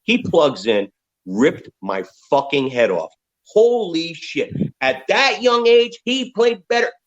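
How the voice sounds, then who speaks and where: A man's voice: a little high, takes it slowly, lo-fi sound. A man in his fifties, a rock musician telling candid, profane stories as an interview guest. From United States. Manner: profane, animated storyteller.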